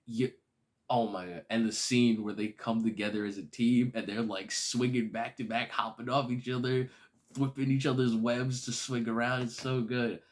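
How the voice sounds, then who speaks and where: A man casually reviewing a film, excitable and gushing, with slangy, enthusiastic speech. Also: mid-range voice, moderate pace.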